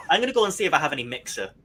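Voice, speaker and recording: Animated bright-voiced chatty man. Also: sits high, a little hiss or hum. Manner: animated, chatty, swears casually. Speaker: co-host. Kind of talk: casual group chat.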